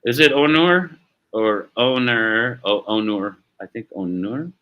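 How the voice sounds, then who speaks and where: A man with a fairly low voice hosts a casual sports chat on a live stream. He rambles in a laid-back way and drops the odd swear word. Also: animated, moderate pace, narrow, tinny audio. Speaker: stream host.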